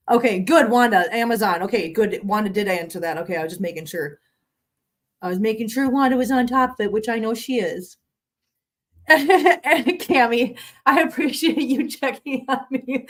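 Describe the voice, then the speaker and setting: A middle-aged woman hosting a casual cat live stream from her home studio, chatting with viewers, answering the chat and laughing often. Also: on the high side.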